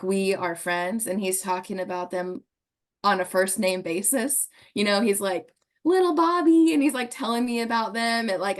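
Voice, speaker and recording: Woman on a podcast, earnest and a bit emotional, laughs a lot, middle pitch. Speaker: guest. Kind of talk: podcast conversation, storytelling.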